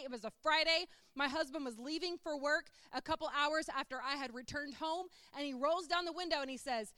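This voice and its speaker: A middle-aged woman giving a chatty, animated sermon-style testimony, full of "like". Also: high voice, no echo, studio quality.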